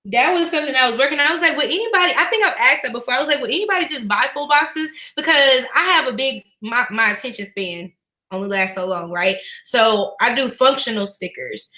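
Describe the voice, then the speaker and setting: Woman, interview host, bright tone, slightly high pitch, chatty questions, echoey room. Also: brisk. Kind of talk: casual interview chat.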